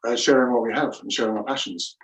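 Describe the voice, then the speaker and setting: Excitable man co-host, echoey kitchen. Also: medium pitch, fast, recorded from a distance. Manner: enthusiastic, warm-hearted rambling. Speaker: cooking show co-host. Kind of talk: casual chat.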